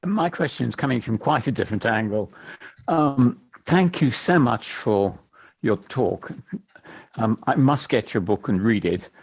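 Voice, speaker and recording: A man asking a question in a Q&A, polite and measured, pressing to pin down concepts. His voice sits on the low side. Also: creaky, breathy edge. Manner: courteous, precise, probing.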